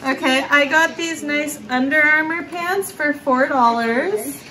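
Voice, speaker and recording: A woman's voice: sits high, measured pace, bright, forceful tone, slight background noise, poor audio. A woman hosting a casual thrift-haul vlog, chatty and upbeat, laughing often as she shows her finds. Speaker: thrift vlogger and channel host. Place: thrift store, then a barn.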